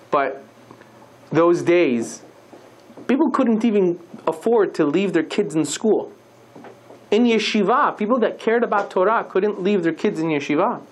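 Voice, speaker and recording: A rabbi giving a sermon, telling a story and acting out the dialogue with lively shifts in voice. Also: male voice, on the high side, a little hiss or hum.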